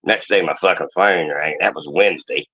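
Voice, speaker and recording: A man's voice: low voice, normal speed, pushed and bright, slightly rough. A man telling a profane story about a phone call in casual chat.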